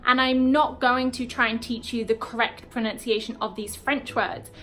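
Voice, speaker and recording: A young British woman with a British accent teaching English in a chatty way, with frequent "um" and "okay" and slow demonstrations of words. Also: fairly high pitch, fairly even intonation, a bit bright, soft background music. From Britain. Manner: chatty, frequent ums and okays, slow deliberate word demos. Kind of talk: online English lesson.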